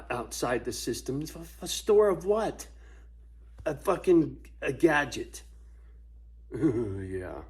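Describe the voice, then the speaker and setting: A man's voice: mid-range voice, breathy edge. A man ranting casually to camera at home, profane and laughing often between points. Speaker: vlogger. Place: at home with his dog.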